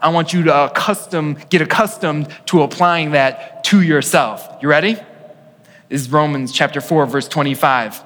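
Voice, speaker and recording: A male pastor delivers an earnest sermon to his congregation, his somewhat high voice carrying through a church with a long reverb tail. He drops to a near hush for weighty lines, then rises to press a point home. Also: normal speed. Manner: earnest preaching, swings from hushed to emphatic.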